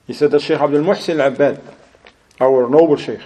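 Guy teaching a religious class, telling stories all animated, slightly high but mellow voice, loose english with arabic phrases. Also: fairly quick, husky, poor audio. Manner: loosely structured, non-standard English grammar. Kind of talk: anecdotal lesson to a class.

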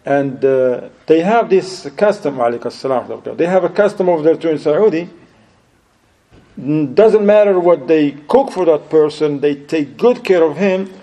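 A male religious teacher tells a story to his class in a lively, animated way. His voice sits a little high but sounds mellow and warm. His English is loosely put together and sprinkled with Arabic phrases. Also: a little slow, rough recording. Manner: loosely structured, non-standard English grammar. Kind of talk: anecdotal lesson to a class.

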